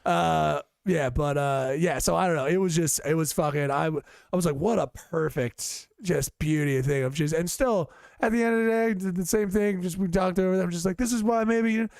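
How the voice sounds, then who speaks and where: A young man co-hosting a podcast, joking and teasing in quick banter. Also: sits high, gravelly, a little mellow, clear, resonant tone, no room sound, studio quality. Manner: quick teasing banter, swears, jokey interjections. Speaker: podcast co-host. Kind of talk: casual chat.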